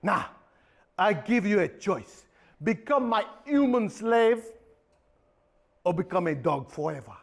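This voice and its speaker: A man's voice: high voice, lively intonation, slow, gravelly, pauses often, pitched below the performer's own voice, full character voice. A man voicing a pompous villainous diva sorceress, on a theatre stage. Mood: haughty.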